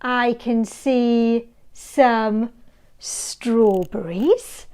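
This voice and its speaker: A woman's voice: on the high side, animated, extremely slow. A woman reading a children's picture book aloud in a sing-song way, asking her young listeners questions as she goes. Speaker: storyteller.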